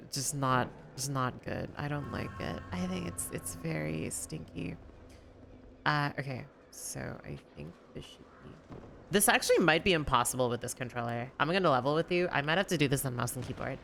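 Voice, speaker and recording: A young woman rambles through casual gameplay commentary, full of fillers and the odd swear. Her voice sits low with a gravelly edge, though she sometimes pushes it higher on purpose. A faint hiss runs underneath. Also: moderate pace, few pauses. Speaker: gaming streamer.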